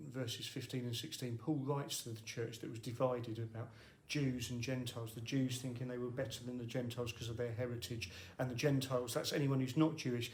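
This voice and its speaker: A man gives a brief devotional talk as a church minister, relaxed and wry, often pausing on fillers. His voice sits at an ordinary middle pitch. The room around him rings with a noticeable echo. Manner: conversational and wry, with frequent fillers. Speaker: lead minister. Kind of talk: short midweek devotional talk. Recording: echoey room.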